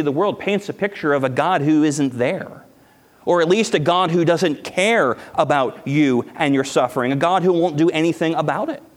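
A man preaching a sermon as pastor, earnest and emphatic, repeating phrases and dropping his voice very low at key points. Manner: earnest, emphatic preaching with repetitions and dramatic drops to near-whisper. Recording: hall reverb.

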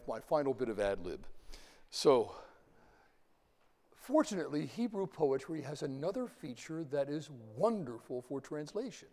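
A man's voice: mid-range voice, warm tone. Man lecturing in a reverberant hall. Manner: discursive, with fillers and repeated words. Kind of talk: informal lecture with ad-libbing.

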